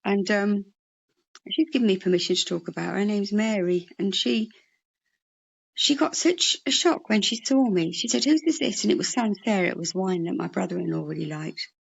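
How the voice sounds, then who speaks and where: A woman, a comedian and mental health worker, telling lively anecdotes in an interview. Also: medium pitch, moderate pace, gravelly, slightly rough, lo-fi sound. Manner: animated anecdotal storyteller. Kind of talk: storytelling interview chat.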